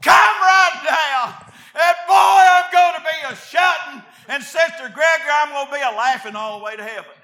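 A man preaching a fiery sermon, reading scripture quietly, then shouting his exhortations. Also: extremely high pitch, normal speed, hardly any pauses.

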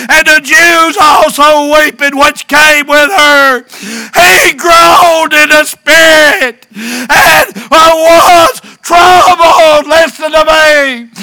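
A middle-aged man, a pastor preaching a fervent sermon with drawn-out words. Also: very high voice, very noisy. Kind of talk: shouted sermon.

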